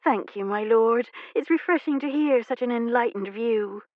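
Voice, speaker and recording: A woman's voice: on the high side, normal speed, dry recording, narrow, tinny audio, pitched above the performer's own voice, close to an everyday voice. A woman narrator voicing a young woman who plays a fragile, swooning debutante in a coy, dramatic manner.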